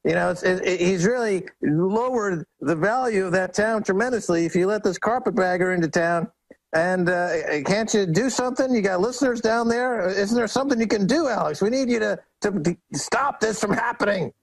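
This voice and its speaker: A man appearing as a guest on a radio talk show, ranting indignantly and mockingly with big swings in pitch. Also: moderate pace, creaky, no echo, rough recording. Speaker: guest commentator.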